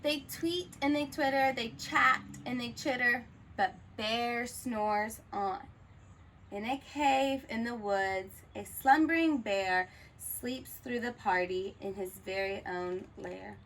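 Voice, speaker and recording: Bright, slow-reading woman teacher. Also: on the high side, a little hiss or hum, low-quality recording. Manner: expressive, asks the listener questions. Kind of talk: children's picture-book read-aloud.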